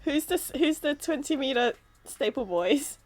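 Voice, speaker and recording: A woman's voice: sits high, expressive, normal speed, faint music behind. Giggly woman chatting while drawing. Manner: giggly, laughs constantly. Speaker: streamer drawing live. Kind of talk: casual live-stream chat while drawing.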